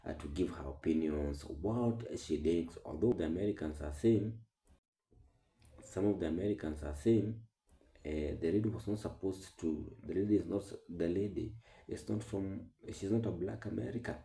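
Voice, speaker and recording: A man hosting a commentary channel, talking through online clips with halting speech, many fillers and restarts. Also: sits low, dark tone, echoey room, rough recording.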